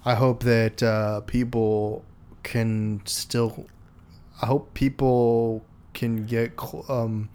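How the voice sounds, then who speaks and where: A man chatting on a podcast in a smooth, resonant voice at an ordinary middle pitch. He hesitates often and restarts his sentences, filling the gaps with ums as he works through an explanation. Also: little pitch movement, very slow, warm tone. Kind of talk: casual chat.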